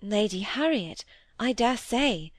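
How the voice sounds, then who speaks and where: Sincere young woman asking pointed questions, read by a woman; bright-ish voice, dry close mic. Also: on the high side, expressive, moderate pace, no room sound, close to an everyday voice. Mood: questioning. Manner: gently probing, sometimes indignant. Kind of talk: audiobook reading of dialogue.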